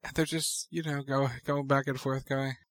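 A man's voice: medium pitch, little pitch movement, normal speed. A man co-hosting a casual chat, chiming in with details in an easygoing way. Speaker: podcast co-host.

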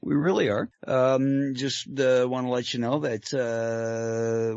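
A man's voice: medium pitch, fairly even intonation, takes it slowly, few pauses, a little mellow, clean tone, no echo, lo-fi sound. A man co-hosting a casual online talk radio show, loose and joking with lots of fillers. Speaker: co-host. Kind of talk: casual podcast chat.

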